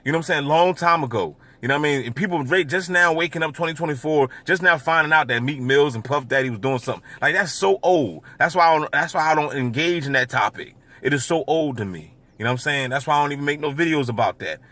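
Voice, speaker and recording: A man's voice: on the high side, quick pace, hardly any pauses, sharp tone. A man vlogging in a casual, rambling monologue, with stammering repeats and constant filler asides.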